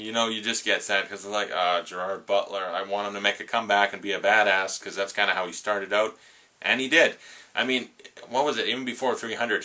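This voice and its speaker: A man's voice: lowish voice, pushed and bright. A man giving a casual, rambling movie review full of asides. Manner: chatty, rambling with asides and quick impressions.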